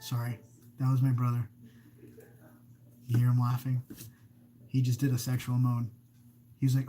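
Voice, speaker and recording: A man's voice: medium pitch, level tone, normal speed, long pauses, warm tone, slight background noise. A man hosting a casual live stream of creepy stories, rambling, breaking off mid-sentence and reading viewer comments aloud. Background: faint background music.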